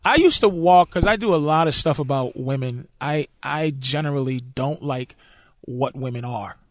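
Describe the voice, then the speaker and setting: A man's voice: mid-range voice, moderate pace, dry recording. Blunt, profane male comedian, dry sound. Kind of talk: blunt stand-up talk.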